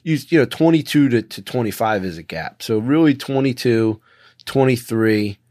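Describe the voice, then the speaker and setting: A man in his thirties speaking as a podcast guest, earnest and halting, with many restarts. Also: medium pitch, animated, dark tone, no echo, studio quality. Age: 30s. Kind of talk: conversational interview.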